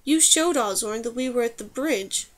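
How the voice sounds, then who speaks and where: A woman voicing a gruff male badger who makes blunt, dry remarks in a storybook reading. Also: on the high side, lively intonation, moderate pace, natural voice.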